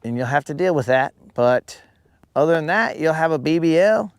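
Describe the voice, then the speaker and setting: A man's voice: fairly high pitch, animated, moderate pace, no room sound. Joking man chatting on a fishing stream. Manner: joking, teasing banter with casual slang. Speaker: fishing live-streamer and host. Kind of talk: live-stream chat with viewers.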